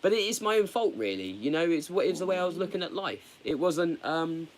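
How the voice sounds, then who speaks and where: A man chatting candidly on a live stream, rambling and halting. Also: on the high side, expressive, slight background noise. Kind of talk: casual live stream chat.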